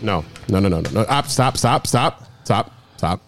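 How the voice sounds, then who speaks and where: A man hosting a casual podcast, joking and greeting loudly, his voice a bit cracked. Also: lowish voice, expressive, moderate pace, faint music behind. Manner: joking, hype-style greetings. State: scratchy voice cracking. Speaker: podcast host.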